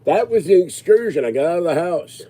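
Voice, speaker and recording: Man, sixties, agitated rambling rant, warm dark tone. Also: high voice, lively intonation, a little fast. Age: 60s. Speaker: livestreamer answering viewers. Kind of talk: casual ranting chat.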